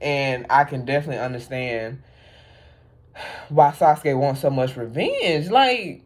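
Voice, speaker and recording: Female vlogger, low voice, casual rambling chat with fillers and laughs. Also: animated, unhurried, a little mellow. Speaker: vlogger reacting to an anime.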